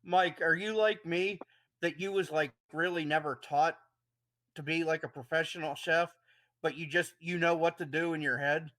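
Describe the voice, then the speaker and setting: A man on a casual podcast, asking relaxed, drawn-out questions as a guest. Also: a little high, no echo. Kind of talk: casual chat.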